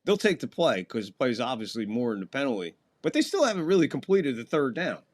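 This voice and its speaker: A man calls a football game play by play on a casual live stream, at a middle pitch that is neither high nor low. He chats easily with his viewers between snaps, and his voice leaps up when a play breaks open. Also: very animated, quick pace. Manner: casual, chatty, talks to chat between plays, voice jumps up on big plays. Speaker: host and play-by-play caller. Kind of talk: live fan play-by-play commentary.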